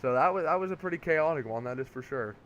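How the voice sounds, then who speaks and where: A young man streaming a racing game, giving casual play-by-play commentary that turns excitable on restarts. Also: a little high, quick pace, muffled recording. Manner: excitable, rises to shouting on restarts.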